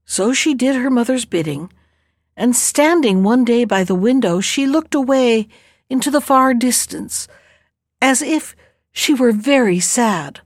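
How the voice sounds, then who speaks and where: A woman reading a fairy tale aloud in a calm, measured storytelling voice. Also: fairly high pitch, no room sound, clean studio sound.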